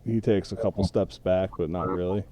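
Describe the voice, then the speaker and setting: A man narrating a tabletop role-playing game as game master, describing scenes in an unhurried way with pauses. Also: low voice, steady tone, warm tone. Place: home setup, streamed.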